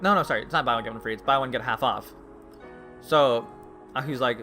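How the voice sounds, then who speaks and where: A young man telling exasperated, laughing stories about his fast-food job in a casual vlog. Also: mid-range voice, pushed and bright, soft background music. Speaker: vlogger.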